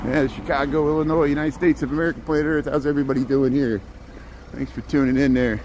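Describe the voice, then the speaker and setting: A man's voice: medium pitch, fairly even intonation, fast talker, a little mellow, lo-fi sound, slight background noise. A man hosting a live stream as he walks a snowy city sidewalk, chatting with viewers and rambling through joking, sarcastic asides. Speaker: livestreaming street-walk host.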